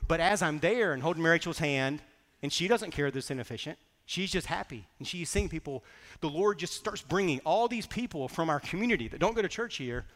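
Storytelling pastor in a reverberant hall. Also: male voice, fairly high pitch, a little fast. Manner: storytelling, animated, conversational. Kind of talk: sermon. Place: church sanctuary.

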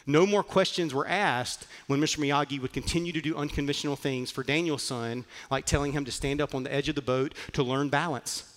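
A man's voice: a little high, a little fast, hardly any pauses, fairly bright tone, in a large hall. A man preaching a sermon, telling a story earnestly and with frequent fillers. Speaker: pastor.

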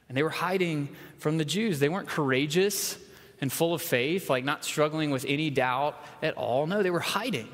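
A man's voice: a little high, fairly bright tone. Man preaching in a reverberant church. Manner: conversational, acts out quoted voices. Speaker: pastor. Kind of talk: sermon. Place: church sanctuary.

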